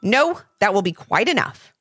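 A woman playing a smug, grumpy ruler of a math land in a children's audio story, his lines snappy and a little sulky. The voice is lively and rises and falls a lot, with soft music beneath. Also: mid-range voice, moderate pace, husky, dry recording.

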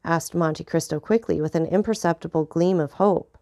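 A woman narrating an audiobook of a classic novel in a steady, clear reading voice. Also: low-pitched, normal speed, few pauses, no room sound, studio quality.

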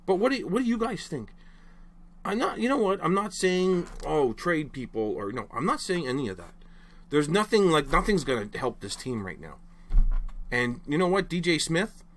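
A man's voice: fairly high pitch, sing-song, moderate pace, slight background noise. A young man ranting casually to camera as a frustrated hockey fan, rambling and exasperated, apologizing after his outbursts.

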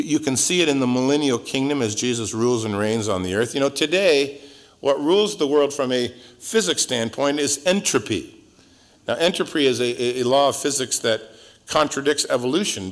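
Joking, conversational male pastor. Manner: conversational and joking, with wide swings in pitch and loudness. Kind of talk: verse-by-verse Bible teaching.

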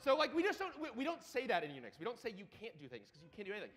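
A man giving a live lightning talk at a conference while demoing a terminal, excitable and profane, with rapid asides. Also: very high voice. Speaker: conference speaker. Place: conference hall. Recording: reverberant conference hall.

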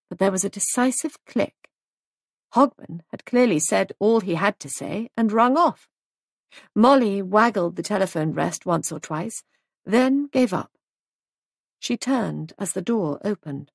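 A woman reading an audiobook in a measured, even storytelling manner. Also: medium pitch, vocal fry, no room sound, clean studio sound. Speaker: audiobook narrator. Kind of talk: audiobook narration.

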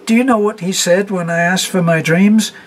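A man voicing a fragile, desperate young woman in a story reading, speaking high and breathless. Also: steady tone, normal speed, rough recording. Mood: hysterical.

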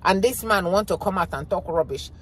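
A woman's voice: fairly low pitch, fairly quick, husky. A woman giving an impassioned reaction commentary, emphatic and repeating her points. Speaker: vlogger.

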